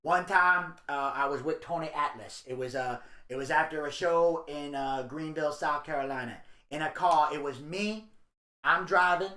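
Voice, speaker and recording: In an echoey room, a podcast co-host with a fairly high-pitched voice talks at a moderate pace. He's a lively storyteller in casual chat who curses freely and performs other people's lines as he quotes them.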